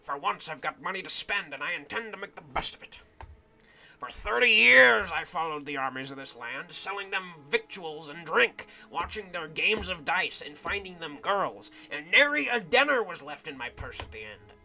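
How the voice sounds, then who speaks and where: A man voicing an older female camp follower in a game, a blunt and shrewd woman, speaking in a slow, drawn-out storytelling manner. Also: a little high, animated, vocal fry, sharp tone, voice pushed up, full character voice. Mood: gruff, worldly.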